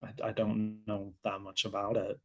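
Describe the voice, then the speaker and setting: A researcher with an American accent talks through their subject on a podcast in a mid-range voice. The delivery is animated and loose, full of restarts and thinking aloud. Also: medium pitch, normal speed. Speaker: guest researcher. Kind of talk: casual explanatory conversation.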